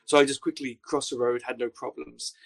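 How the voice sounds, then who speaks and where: A young man telling a story as a podcast guest, with dry, deadpan understatement. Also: medium pitch, fairly quick, creaky. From Wales. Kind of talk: casual storytelling anecdote.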